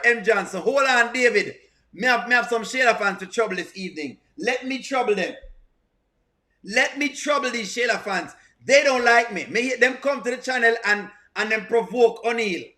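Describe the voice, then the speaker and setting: Bright-voiced teasing man. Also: very high voice, normal speed. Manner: teasing, animated, repeats lines. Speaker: reaction commentator. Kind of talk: live reaction commentary.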